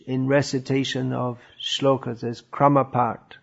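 A man teaching a lecture on scripture, thoughtful and pausing often with fillers, on a dull lo-fi recording. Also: mid-range voice, flat delivery, vocal fry. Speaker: religious teacher.

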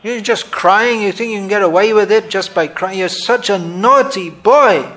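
A man's voice: high-pitched, moderate pace, fairly bright tone. A man voicing an angry mother who scolds her naughty little son with exasperated complaints, within a scripture talk. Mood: scolding.

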